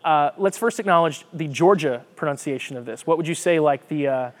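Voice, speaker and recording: This sermon comes from a man whose voice is a little high and a little fast. As a pastor, he talks conversationally and with energy, explaining the scripture he reads, often restarting and repeating words mid-thought.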